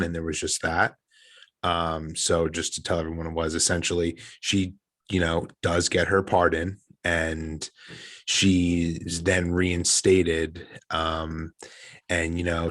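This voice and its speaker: Deep-voiced male podcast co-host, earnest casual chatter. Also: a bit bright. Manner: earnest, emotional, rambling with restarts. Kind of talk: casual chat.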